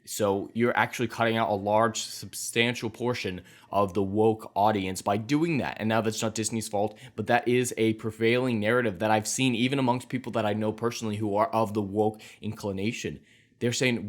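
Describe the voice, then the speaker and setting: A man's voice: on the low side, moderate pace. A man hosting an opinionated commentary vlog, talking in an emphatic, sarcastic and indignant way. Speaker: commentary channel host.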